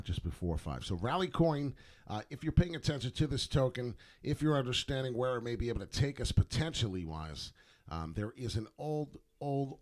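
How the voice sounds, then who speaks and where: Male crypto chart commentator, lowish voice, rambling off-the-cuff delivery with heavy fillers. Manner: rambling, filler-heavy, repeats words for emphasis. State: hiccuping. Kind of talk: casual market commentary.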